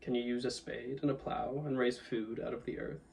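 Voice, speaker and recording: A man voicing a wise, commanding male lion who speaks in a solemn, measured way, with some distance from the mic. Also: mid-range voice, little pitch movement, creaky, darkish tone, close to an everyday voice.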